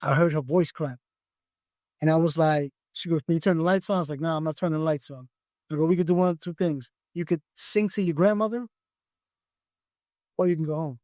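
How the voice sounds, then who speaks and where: A man with a fairly high voice tells stories in a relaxed podcast interview, recorded close and dry with little room sound. He is a music producer, and he acts out the back-and-forth from studio sessions. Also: fairly quick, pauses often, no echo. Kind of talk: casual interview storytelling.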